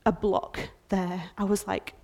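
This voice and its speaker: A woman in her thirties preaching a sermon in a church, impassioned, swinging from loud outbursts to hushed whispers. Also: mid-range voice, level tone, slow pace, creaky.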